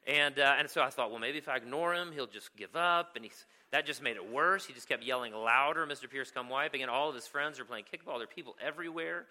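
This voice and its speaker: Male pastor, storytelling sermon, very bright and sharp tone, mid-pitched. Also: quick pace, hardly any pauses. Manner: storytelling, keeps asking "right?".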